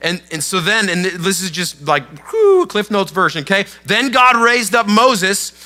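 A man preaching to his congregation in a conversational, animated storytelling way, with casual asides. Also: high-pitched, unhurried. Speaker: pastor. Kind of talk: sermon.

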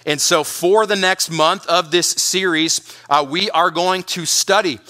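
Guy pastor giving a sermon, earnest, lots of restarts, kinda high pitched. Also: steady tone, measured pace, pushed and bright. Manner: earnest, with frequent repeated words and restarts.

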